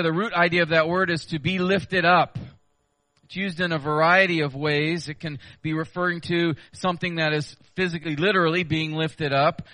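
Bright-voiced earnest male preacher. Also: a little high, dry recording. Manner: earnest expository preaching with rhetorical questions. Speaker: pastor. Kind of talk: sermon.

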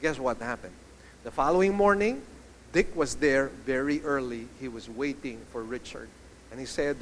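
A man preaching a sermon to a congregation, animated, asking the listeners questions and telling stories. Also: medium pitch, normal speed, a little hiss or hum. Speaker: pastor.

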